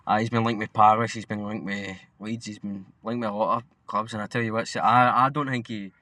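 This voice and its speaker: A man's voice: on the low side, steady tone, fairly quick, bright, forceful tone, dry recording. A young Scottish man co-hosting a podcast, chatting casually about football in a blunt, sweary, rambling way. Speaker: podcast co-host.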